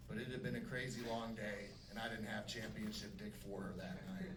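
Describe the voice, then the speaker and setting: A man doing a stand-up comedy set with brash, punchy delivery and dark deadpan jokes. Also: on the low side, brisk. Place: comedy club stage. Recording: echoey club from a distance with noise. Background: audience laughter.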